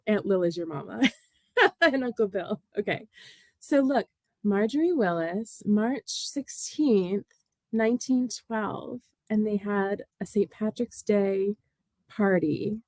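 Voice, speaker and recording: A woman's voice: mid-range voice, takes it slowly, darkish tone, no room sound. A middle-aged American woman hosting a knitting livestream, chatting casually, and emotional, often laughing and greeting viewers by name.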